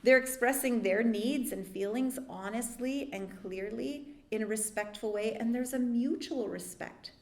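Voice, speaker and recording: A woman's voice: a little high, a little slow, hardly any pauses. Woman therapist teaching in an echoey room. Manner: calm explanatory teaching with lively dramatic asides. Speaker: therapist leading a church workshop. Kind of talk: workshop talk.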